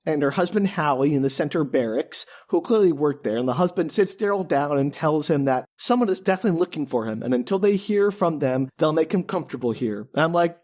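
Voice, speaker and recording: A man's voice: on the high side, lively intonation, a little fast, hardly any pauses, darkish tone. A man co-hosting a podcast, recapping a movie in casual chat with dry, sarcastic asides.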